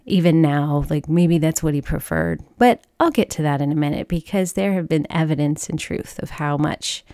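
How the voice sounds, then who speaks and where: A woman's voice: low voice, darkish tone, no room sound, studio quality. A woman telling a personal faith story to listeners, earnest and emotional, acting out the dialogue from her story. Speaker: speaker sharing a personal testimony. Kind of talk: faith testimony talk.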